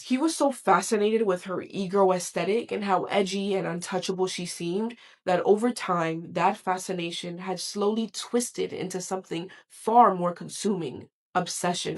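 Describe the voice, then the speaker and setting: A woman narrating a true crime story in a slow, dramatic, measured way, her volume swelling and dropping. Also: lowish voice.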